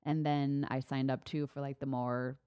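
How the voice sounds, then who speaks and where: A woman's voice: very deep voice, moderate pace, clean tone, no echo, dull audio. A woman in her thirties co-hosting a podcast, rambling and correcting herself in casual chat. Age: 30s. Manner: rambling, self-correcting, animated. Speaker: podcast co-host. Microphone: studio mic.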